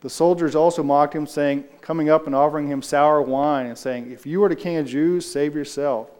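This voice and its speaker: A man's voice: fairly high pitch, fairly even intonation, moderate pace, darkish tone. Man leading a casual Bible study, reverberant room. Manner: conversational, loose, answers the group as he goes.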